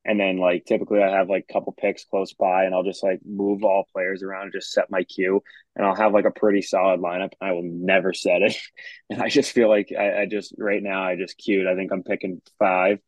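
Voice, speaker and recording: A man's voice: sits low, little pitch movement, fairly quick, dry recording. A young man co-hosting a podcast, telling a story in a loose, laughing, profane way. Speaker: podcast co-host. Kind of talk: casual chat. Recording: dry, slightly dull mic.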